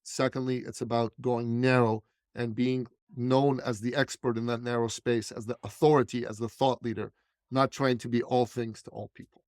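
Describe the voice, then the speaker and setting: A man's voice: mid-range voice, little pitch movement, moderate pace, darkish tone, no echo, studio quality. A man, a business coach and speaker, telling stories emphatically with punchy repetition as an interview guest. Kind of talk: animated storytelling in conversation.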